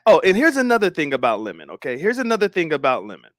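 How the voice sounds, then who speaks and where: A young man talks to his stream chat in a loose, swearing way. His voice sits high and jumps all over the place. The sound is dry and close. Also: fast, no room sound. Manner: animated, swearing, laughing, talking to chat. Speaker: livestream host.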